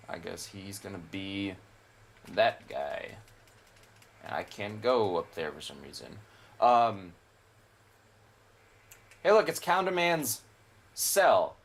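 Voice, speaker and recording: A man's voice: mid-range voice, sing-song, takes it slowly, long pauses, a bit bright. A young man casually commentating a video game, rambling and opinionated, with frequent swearing. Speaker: gameplay commentator. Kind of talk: casual let's play commentary.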